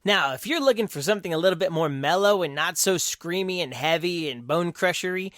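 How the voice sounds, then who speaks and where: Young male podcast co-host, slightly high voice, dry close sound, crude and self-mocking, reads album reviews in casual bursts. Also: no echo. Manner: crude, rambling and self-mocking, with sudden loud bursts and quiet mutters. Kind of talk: casual solo segment, reading from a list.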